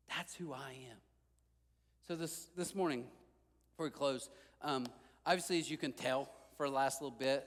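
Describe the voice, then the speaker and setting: A man's voice: medium pitch, in a large hall. A male pastor preaching a sermon, telling stories and acting out the lines of the people in them. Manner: animated storytelling, acting out quotes. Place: large church hall.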